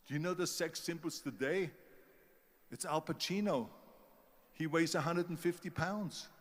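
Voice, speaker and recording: A man's voice: on the high side, moderate pace, pauses often, long reverb tail. An older man with a strong Austrian German accent, giving an emphatic motivational speech and telling stories, mimicking the people who doubted him. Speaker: motivational speaker.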